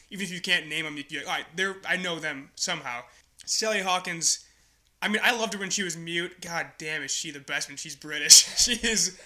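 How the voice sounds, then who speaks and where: A young man with a very bright, slightly high voice. He co-hosts a casual podcast and talks with eager enthusiasm, laughing often as he gushes. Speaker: podcast co-host. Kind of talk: casual movie review chat.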